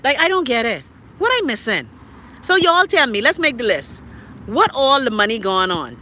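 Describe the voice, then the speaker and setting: Blunt, profane Bahamian woman, bright voice. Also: sing-song, normal speed. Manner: blunt, profane and exasperated, with sharp pitch swings. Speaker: live stream show host. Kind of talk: casual live stream chat reading comments. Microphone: phone.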